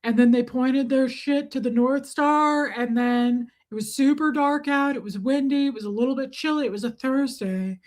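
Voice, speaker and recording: A young woman hosting a casual livestream rambles through a joking story, cursing liberally and barely pausing. She has a high voice with a darkish tone and speaks at a moderate pace.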